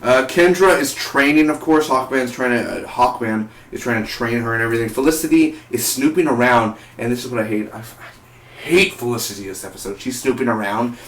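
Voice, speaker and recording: Man, TV reviewer, excitable and rambling, mid-pitched voice, roomy echoey recording. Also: brisk, a little hiss or hum. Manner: excitable, rambling, stumbles over words. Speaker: TV episode reviewer.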